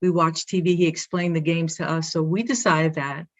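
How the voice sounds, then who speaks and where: Guesting on a casual interview, an athletic director from Brooklyn, New York, proudly shares her story in a Brooklyn accent. She has a low-pitched voice with fairly even intonation and talks at normal speed.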